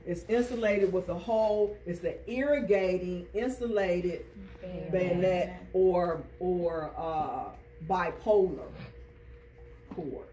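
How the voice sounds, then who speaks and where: An instructor with a mellow, mid-range voice speaks slowly, caught in a distant classroom recording with faint noise. Teaching a class, he drills terms through rhythmic repetition and quizzes students with call-and-response questions.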